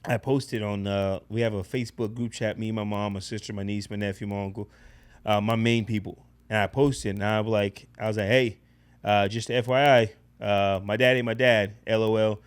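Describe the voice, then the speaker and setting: A man's voice: lowish voice, normal speed, smooth. Blunt, profane man telling a story. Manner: profane, blunt, animated retelling. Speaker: podcast guest. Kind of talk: casual storytelling.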